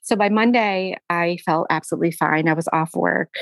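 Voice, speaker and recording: Young woman guest, low-ish voice, dry close sound, talks in halting emotional bursts. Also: vocal fry, no room sound. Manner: halting, emotional, often quoting herself; frequent fillers and restarts. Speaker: guest sharing a personal story. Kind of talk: candid conversational storytelling.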